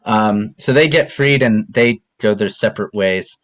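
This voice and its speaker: Low-voiced man running a tabletop game. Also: unhurried. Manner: relaxed, hesitant narration with many ums. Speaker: game master.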